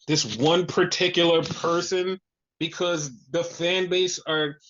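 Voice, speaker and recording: A man with a high, light voice rants on a podcast, swearing often and sounding exasperated. The audio is muffled and lo-fi. He talks in loose, casual chat. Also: fairly bright tone. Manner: profane, exasperated ranting. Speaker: podcast host. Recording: dull lo-fi audio.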